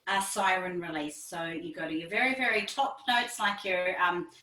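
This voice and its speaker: A woman vocal teacher explaining singing technique as a podcast guest, lively, demonstrating with her voice and laughing often. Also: lowish voice, moderate pace, distant mic. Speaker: vocal pedagogy specialist, guest. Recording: echoey room, a bit off-mic.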